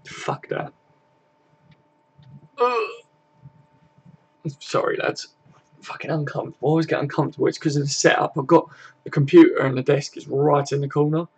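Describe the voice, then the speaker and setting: A man's voice: on the high side, moderate pace, pauses often, slightly rough. Laddish young British man chatting. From Britain. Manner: laddish, swears a lot, tags questions with mate. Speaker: live stream host. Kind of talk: casual live chat reading comments. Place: home room with desk and sofa.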